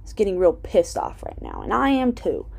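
A woman's voice: mid-range voice, huge pitch swings, normal speed, creaky, husky. A woman casually recapping a TV episode, chatty with lots of "um" and "like" and some swearing. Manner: chatty, full of "um" and "like", swears freely. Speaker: TV episode reviewer.

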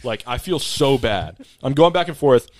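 A man's voice: mid-range voice, lively intonation, normal speed. A young man and podcast co-host telling a story in casual chat, laid-back, profane and rambling.

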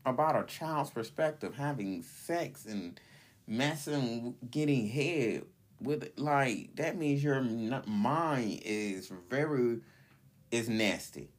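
A man's voice: mid-range voice, husky. A man hosting a solo podcast, ranting bluntly and indignantly in a rambling way, filling his talk with "like". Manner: opinionated, rambling, heavy use of "like". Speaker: podcast host.

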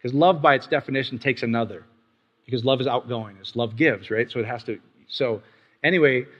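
A man's voice: mid-range voice, a little fast, fairly bright tone. Conversational male teacher in a reverberant hall. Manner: conversational, checks in often with the listeners. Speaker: prayer teacher. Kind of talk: casual teaching sermon and guided prayer. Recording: long-reverb hall, dull lo-fi sound.

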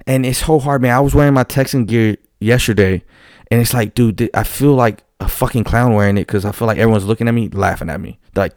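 A man talking in a casual monologue as a football fan commentator, animated and profane, rambling with frequent restarts. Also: medium pitch, fast talker, dry recording, clean studio sound.

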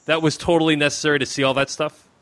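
A man's voice: a little high, little pitch movement, quick pace, a bit bright. A man hosting a podcast in casual chat, rambling and restarting his sentences with lots of fillers. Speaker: podcast host.

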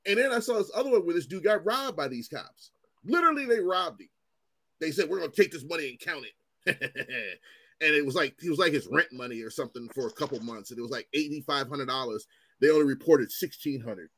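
A man in his forties tells stories in a loose, swearing ranting style, his voice leaping up and down as he acts out what others said. He sits slightly high for a man. The sound is dry and close, with no room to it. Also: brisk, no room sound. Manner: animated, profane, acts out quotes in raised voices. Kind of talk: casual chat, storytelling.

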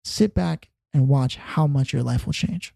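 A man's voice: medium pitch, measured pace, gravelly, mellow, no echo, studio quality. A man hosting a podcast, chatting casually and speaking with conviction. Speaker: podcast host.

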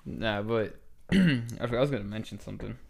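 Chill young dude cohosting a podcast, swears a bunch, keeps laughing. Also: male voice, on the low side, a little fast, vocal fry. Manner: laid-back, swears a lot, laughs often. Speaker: podcast co-host. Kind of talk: casual chat.

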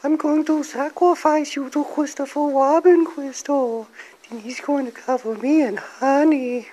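Man doing a squeaky, drawn-out creepy pest voice; slow and sing-song. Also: steady tone, warm tone, low-quality recording.

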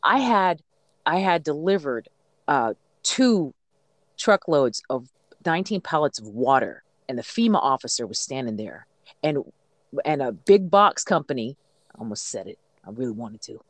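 A truck driver from the United States telling stories in a casual podcast chat, blunt and animated, swearing freely and repeating words when worked up. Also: medium pitch, moderate pace, no echo.

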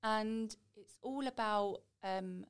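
A woman's voice: mid-range voice, slow pace, clear, resonant tone. A woman guest telling her own story in a chatty, candid way. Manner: chatty, quotes people in little voices.

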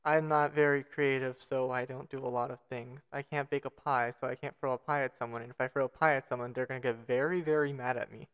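A man's voice: mid-range voice, steady tone, fast talker, few pauses, fairly bright tone, clear, resonant tone. A man co-hosting a casual podcast, reading out facts with self-mocking jokes and stumbling over foreign names. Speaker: podcast co-host.

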